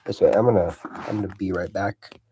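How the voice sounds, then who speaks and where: A man's voice: sits low, steady tone, fairly quick, noisy background. A man streaming casually, out of breath, reading game events aloud with rambling, jokey asides.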